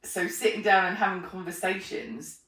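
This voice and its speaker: A woman chatting in an interview, animated, acting out her own remarks and laughing often. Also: medium pitch, moderate pace. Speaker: podcast host being interviewed. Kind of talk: casual conversational interview. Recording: roomy sound, mic at a distance.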